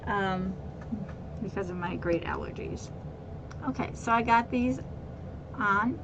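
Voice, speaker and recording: A woman walks viewers through a craft task in a relaxed, chatty way, often repeating words and adding fillers. Her voice sits at an ordinary middle pitch. The home recording carries clearly audible background noise. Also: unhurried. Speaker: craft tutorial host. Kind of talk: casual how-to demonstration.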